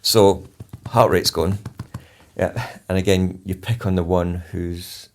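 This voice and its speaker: A man, a polar explorer, talking in an interview and telling a story vividly, calmly and deliberately stressing key words. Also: deep voice. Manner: vivid storyteller who re-enacts his own instructions. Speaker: polar explorer and charity founder, interview guest.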